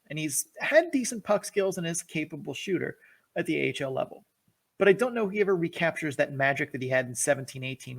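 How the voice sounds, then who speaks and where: A man's voice: fairly high pitch, gravelly. A man co-hosting a hockey podcast, reading prepared analysis with eager enthusiasm and laughing at his own jokes. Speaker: podcast co-host.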